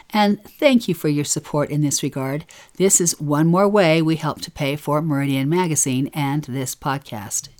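A woman co-hosting a podcast, reading the welcome and a promotion in a warm, inviting scripted delivery. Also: low-pitched. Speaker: podcast co-host.

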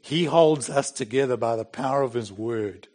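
A man's voice: medium pitch, moderate pace, a little mellow. A middle-aged man preaching a sermon in a plain, conversational way, with bursts of emphasis. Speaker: pastor.

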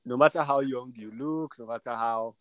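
A man's voice: medium pitch, normal speed, a bit bright. A young man, a doctor, telling his story casually, often stumbling and repeating words. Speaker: doctor guest. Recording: noticeable background noise.

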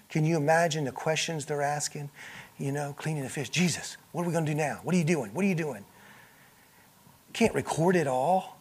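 A male pastor preaching a sermon, moving between loud, emphatic passages and quiet, hushed ones, and voicing the people in the scripture he reads. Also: a little high. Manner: acts out speakers in the scripture he reads.

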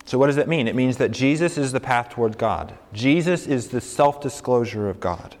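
A male pastor giving an animated sermon, with emphatic rises and slow, deliberate readings. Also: mid-range voice, long reverb tail.

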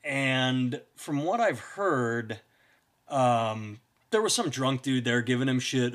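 Guy comic rambling on a podcast, swears a lot, middle pitch, loose chat. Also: lively intonation, slow pace, fairly bright tone. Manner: rambling, profane storytelling. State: hiccups. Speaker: podcast co-host, stand-up comic.

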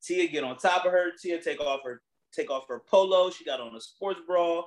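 Brief: male host, slightly higher-pitched, slangy and profane, animated storyteller in casual chat. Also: normal speed, low-quality recording.

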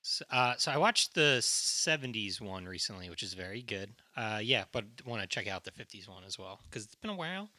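A man's voice: on the low side, sing-song, brisk, hardly any pauses, sharp tone, no echo. A man co-hosting a podcast, recapping a film's plot casually and swearing freely. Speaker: podcast co-host. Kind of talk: casual film discussion.

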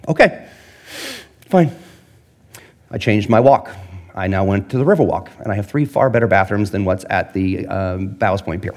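A man's voice: fairly low pitch, normal speed, pauses often. Guy preaching a laid-back sermon, voice jumps all over, cracks jokes and quizzes the crowd. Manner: animated and jokey, asks the audience questions. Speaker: pastor. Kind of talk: casual conversational sermon.

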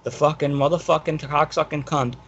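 A man rants fast and angrily, swearing and stumbling over repeated words. His voice is gravelly and husky. The audio is dull and lo-fi. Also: on the high side, steady tone, fairly bright tone. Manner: angry, ranting, profane, repeats himself. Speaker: guest. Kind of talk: casual podcast chat.

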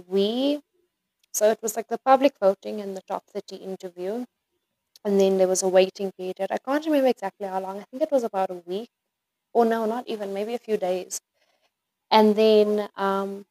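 A woman's voice: medium pitch, darkish tone, dry recording, low-quality recording. A young woman from South Africa, a podcast guest, chatting casually with lots of "like" and "um" and frequent giggles. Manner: giggly, chatty, many fillers like "like" and "um". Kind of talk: casual interview chat.

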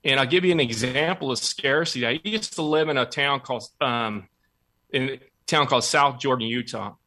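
A man's voice: mid-range voice, normal speed, bright, forceful tone. A man hosting a motivational show, telling stories and repeating points emphatically. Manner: emphatic storytelling with repetition. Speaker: podcast host. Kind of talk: motivational talk.

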